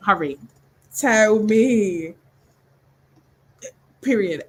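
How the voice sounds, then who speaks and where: A woman's voice: medium pitch, expressive, moderate pace, poor audio. A young woman hosting a book club livestream, chatting casually and animatedly, laughing often and acting out scenes in voices. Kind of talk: casual chat.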